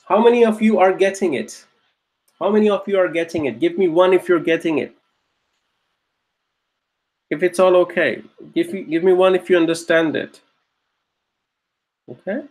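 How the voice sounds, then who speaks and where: A man's voice: high voice, moderate pace, pauses often, darkish tone. A man teaching an online grammar class, patiently repeating each point and checking that students follow. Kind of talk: online Arabic grammar lesson.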